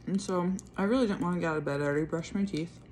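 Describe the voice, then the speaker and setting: A woman's voice: fairly low pitch, fast talker, darkish tone, a little hiss or hum. A woman talking in a casual late-night vlog, tired and chewing while she speaks. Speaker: vlogger.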